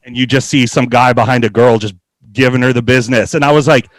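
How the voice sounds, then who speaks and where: A man's voice: mid-range voice, fairly even intonation, fast, no room sound. A man in his thirties telling a funny story in a loose, casual way, swearing and laughing often.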